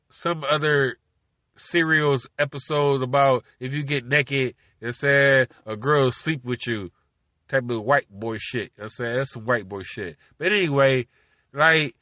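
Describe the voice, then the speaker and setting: A man's voice: a little high, sharp tone, no echo. A man hosting a podcast from his car, rambling casually and profanely, constantly asking "you know what I'm saying". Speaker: podcast host.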